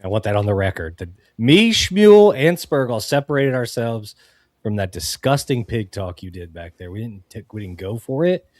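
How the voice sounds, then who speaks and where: A man's voice: fairly low pitch, lively intonation, normal speed, darkish tone, no room sound. A man co-hosting a podcast, teasing the host in mock-indignant casual chat and laughing often.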